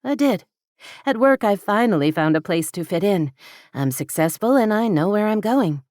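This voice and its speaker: A woman's voice: mid-range voice, expressive, normal speed, a little mellow, no echo, studio quality, pitched above the performer's own voice, natural voice. A woman voicing a candid young woman who teases and confides earnestly. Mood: confiding.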